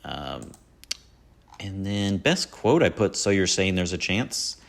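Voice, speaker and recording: Low and gravelly, this man's voice has a sing-song lilt and a slow pace. As a podcast host doing casual solo movie talk, he rambles self-mockingly about his favorite films and falls into quoting lines.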